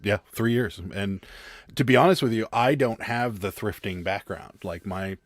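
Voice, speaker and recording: Low-voiced man telling a rambling story. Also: moderate pace, no echo. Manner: rambling, many restarts. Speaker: panel guest. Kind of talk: casual storytelling chat.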